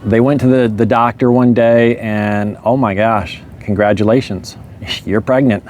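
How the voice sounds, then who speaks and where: A man telling a story in a relaxed, rambling way, chuckling often. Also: on the low side, a little slow, a little hiss or hum. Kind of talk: casual storytelling monologue.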